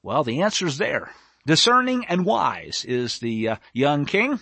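An animated male preacher with a high, bright voice that leaps up and down in pitch. He preaches emphatically and digresses into nerdy asides. The sound is close and dry. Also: unhurried, gravelly, slightly rough, dry recording. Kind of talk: sermon.

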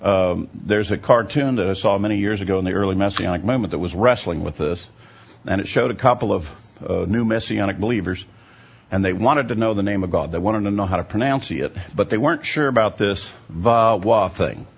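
A man's voice: on the low side, fairly quick, vocal fry, breathy edge. A man giving a teaching sermon, explaining at length and often checking in with his listeners. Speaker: Bible teacher. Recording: dull lo-fi recording.

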